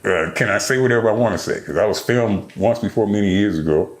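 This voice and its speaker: An older man telling stories as a podcast guest, animated and profane, acting out other people's lines. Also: lowish voice, fast talker, reverberant, noisy background. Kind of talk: storytelling interview.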